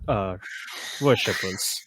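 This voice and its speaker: A man's voice: fairly low pitch, slow, a bit bright, no room sound. A man narrating as game master for a tabletop game, casual with lots of fillers.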